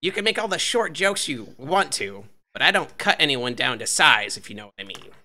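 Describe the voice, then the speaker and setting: Halfling hustler for a tabletop game: squeaky, wheedling, bright and gravelly, bouncing all over the place. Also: male voice, big pitch swings. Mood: boastful. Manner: squealing, wheedling, fast-talking. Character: shrill panicky male halfling bookie, small and shifty.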